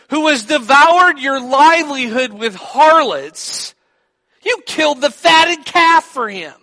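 A man voicing a resentful older son who shouts his complaints angrily, with long hall reverb. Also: very high-pitched, pitched above the performer's own voice, exaggerated voice.

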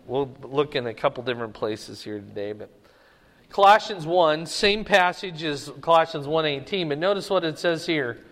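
A man's voice: fairly high pitch, expressive, normal speed, a bit bright. A man teaching a Bible study, stressing key words and often checking in with his listeners. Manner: emphatic, repeats key words and checks in with "okay?". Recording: long hall reverb.

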